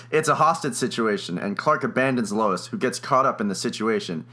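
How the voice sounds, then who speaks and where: A young man co-hosts a casual comedy podcast, walking through a movie plot in his own rewrite. His voice is bright and pushed forward, and he laughs easily while he talks. He fills gaps with ums and uhs as he goes. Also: mid-range voice, animated, moderate pace. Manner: chatty, laughs often, many fillers. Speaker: podcast co-host.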